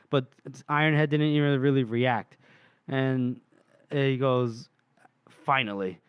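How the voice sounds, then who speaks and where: A man's voice: mid-range voice, steady tone, slow pace, pauses often, smooth, no echo. A man co-hosting a podcast in casual chat, retelling book scenes at length and chuckling as he goes. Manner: retells scenes at length, reading lines aloud with little laughs. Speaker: podcast co-host. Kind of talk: casual chat recapping a novel.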